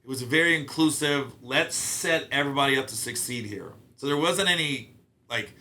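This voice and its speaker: Give me a bright, punchy middle-aged man spinning loose, profane show-business stories as a podcast guest. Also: mid-range voice, moderate pace. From Ohio. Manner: animated, profane, acts out quotes. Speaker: guest comedian. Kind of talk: casual storytelling interview.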